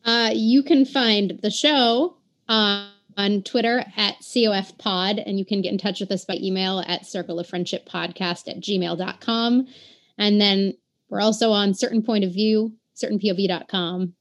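A woman co-host speaking casually, slightly hesitant and self-correcting as she talks, at a middle pitch. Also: fairly even intonation, normal speed. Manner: hesitant, with fillers and restarts. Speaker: podcast co-host. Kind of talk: casual chat.

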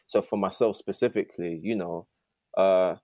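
Earnest young man, low warm voice. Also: fairly even intonation, moderate pace, no echo, clean studio sound. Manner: earnest, with many fillers. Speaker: podcast guest. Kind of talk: reflective conversation.

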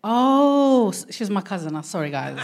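A woman's voice: mid-range voice, sing-song, normal speed, vocal fry, background noise. A woman with a London accent doing a live stand-up set, chatty and cheeky as she banters with the audience. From Hackney, London. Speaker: stand-up comedian. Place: live venue before an audience.

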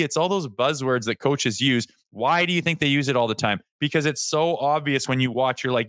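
A man co-hosting a sports podcast in casual chat, talking in an animated way and swearing freely. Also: medium pitch, brisk, few pauses, no room sound, clean studio sound. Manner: animated, swears, acts out players' voices. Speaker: podcast co-host.

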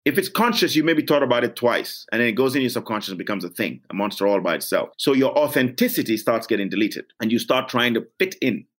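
A man's voice: medium pitch, animated, fast talker, few pauses, a bit bright. A man from Gambia, an actor, speaking candidly and reflectively as an interview guest in a blunt, earnest way.

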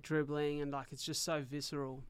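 Animated host, smooth, dry. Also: male voice, fairly high pitch, moderate pace, no room sound. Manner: animated, emotionally open storyteller. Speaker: podcast host. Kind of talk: conversational interview.

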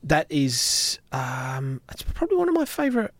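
A man's voice: fairly high pitch, wildly swooping pitch, moderate pace, slight background noise. A man hosting a radio music show, talking in an easygoing, hedging way about records and their labels. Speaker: radio host. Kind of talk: casual on-air banter about records.

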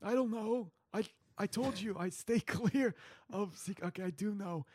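A man's voice: high-pitched, a little slow, husky, dry recording, studio quality. A man co-hosting an improvised role-play podcast, laying out a plan in a rambling, playful way. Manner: rambling, playful, plans out loud. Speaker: podcast co-host running the scene.

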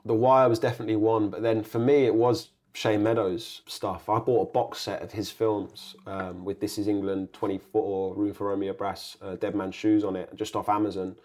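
A young adult man, an actor guest on an interview podcast, telling stories in a rambling, animated way. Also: lowish voice, normal speed, few pauses. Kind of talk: casual interview chat.

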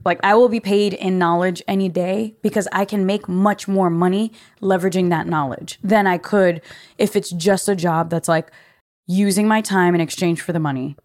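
A woman's voice: lowish voice, steady tone, normal speed, a little mellow. Young woman, podcast host, casual monologue, chatty, slangy, emphatic. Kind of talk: casual monologue, life advice.

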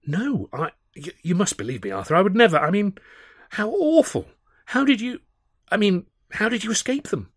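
A man's voice: on the low side, very animated, quick pace, few pauses, darkish tone, no echo, studio quality. A man reading the lines of an anxious, morose young male comedian who stammers when flustered.

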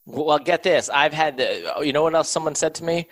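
A man's voice: fairly high pitch, normal speed, no room sound. A man telling anecdotes in casual conversation, agreeable, with hesitant restarts.

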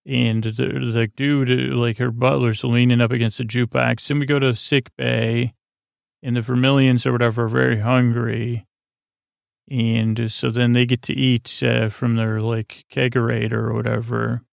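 A man's voice: medium pitch, little pitch movement, moderate pace, creaky, clean tone, no room sound. A man hosting a sleep podcast, drowsily recapping an episode in a meandering way, full of fillers. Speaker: podcast host.

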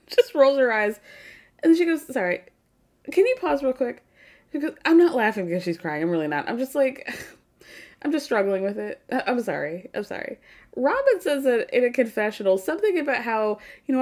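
A woman's voice: on the high side, expressive, moderate pace. A woman hosting a podcast, recapping a reality show in casual, sarcastic commentary and swearing freely. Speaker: podcast host.

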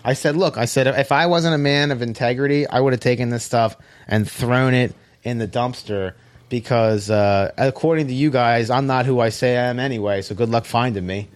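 Profane, animated man telling a story. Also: mid-range voice, moderate pace. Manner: animated storytelling, self-described hothead, profane. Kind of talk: casual chat.

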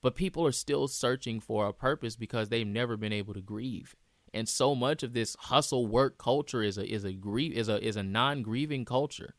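A man's voice: mid-range voice, normal speed, no echo, studio quality. A man speaking as host in a reflective personal monologue, earnest and repeating phrases for emphasis.

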